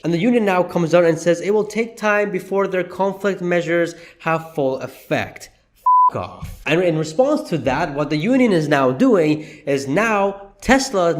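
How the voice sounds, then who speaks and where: Fired-up male commentator with a high voice, indignant and exclaiming. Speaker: commentary vlogger. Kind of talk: opinion commentary.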